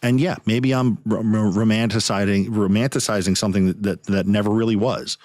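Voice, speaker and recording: A man's voice: fairly low pitch, fairly even intonation, a little fast, darkish tone, no echo. A podcast host man ranting in anger, swearing heavily as he talks. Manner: angry, profane, heavy swearing. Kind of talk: heated podcast rant.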